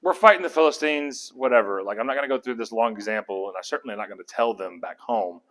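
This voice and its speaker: A man's voice: medium pitch, quick pace. A man leading a casual Bible study, talking through the passage and asking his group questions. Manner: animated, acts out characters' lines; conversational, asks the group questions.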